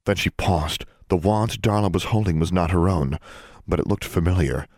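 Low, husky male audiobook narrator. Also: normal speed, darkish tone, dry recording, studio quality.

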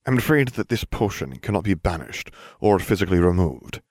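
A man's voice: deep voice, big pitch swings, a little fast, a little mellow, breathy edge, no echo, clean studio sound, heavily acted. A man voicing an old, scheming male headmaster wizard with a genial, grandfatherly manner. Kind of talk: fan fiction audiobook reading.

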